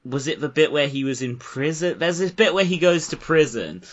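A man's voice: a little high, animated, normal speed, muffled recording. A man co-hosting a podcast, chatting casually about a film, rambling, swearing and laughing often. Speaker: podcast co-host.

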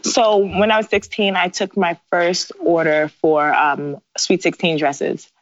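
A woman in her thirties chats animatedly about her early days, laughing often as she tells stories. Her voice sits fairly low. The recording is dry and a little dull, like a close podcast mic. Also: fairly even intonation, measured pace, dry recording. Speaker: guest, bridal designer. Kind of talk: casual interview storytelling.

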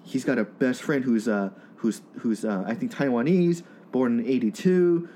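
A man co-hosting a podcast who explains his views in a thoughtful, halting way. His voice is mid-pitched. A faint hiss sits behind him. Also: dark tone. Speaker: podcast co-host. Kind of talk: casual podcast chat.

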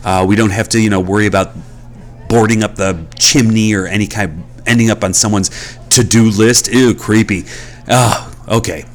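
A man's voice: lowish voice, fairly even intonation, normal speed. A man hosting a podcast, doing a rambling, mock-outraged comedic monologue full of fillers. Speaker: podcast host.

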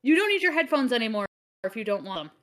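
A woman co-hosting a podcast in casual chat, steering the talk with quick asides, on her own mic over a remote call. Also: on the high side, big pitch swings, fairly bright tone. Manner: organizing, quick asides, scattered. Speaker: podcast co-host and editor.

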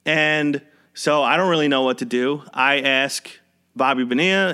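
A man's voice: medium pitch, moderate pace, bright, forceful tone, smooth. A young man hosting a podcast, casually telling a personal work story in a wry, conversational way and chuckling as he goes. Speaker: podcast host.

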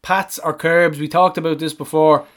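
A man co-hosting a casual podcast, with a voice pitched a little higher than most men's. He rambles through plans in a laid-back, jokey way. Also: little pitch movement, moderate pace, fairly bright tone. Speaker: podcast co-host. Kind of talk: casual chat.

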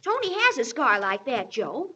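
An actress in a 1930s radio drama playing a plucky young orphan girl, cheerful and spunky, who cries out bright exclamations of surprise. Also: high-pitched, sing-song, normal speed, husky, exaggerated voice. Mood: earnest. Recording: dull lo-fi 1930s radio recording.

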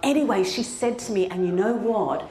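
A woman giving a sermon testimony, telling a story with animated delivery that builds to fervent exhortation. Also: medium pitch, normal speed, reverberant. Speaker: preacher.

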